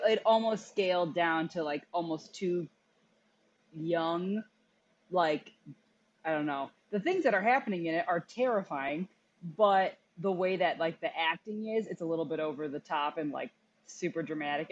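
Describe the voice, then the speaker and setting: A woman co-hosting a podcast in casual chat, blunt, animated and opinionated. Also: lowish voice, moderate pace, highs cut off. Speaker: podcast co-host.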